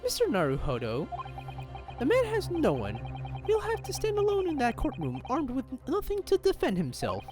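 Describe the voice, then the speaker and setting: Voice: sits high, huge pitch swings, moderate pace, over music, voice pushed up. A gamer voicing a polite, earnest young woman assistant to a defense lawyer.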